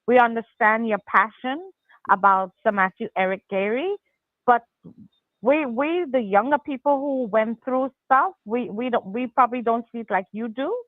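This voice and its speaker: A woman's voice: a little high, moderate pace, no room sound. A woman calling into a talk show, indignant and stammering. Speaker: caller. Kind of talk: angry phone-in call. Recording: dry tinny phone line.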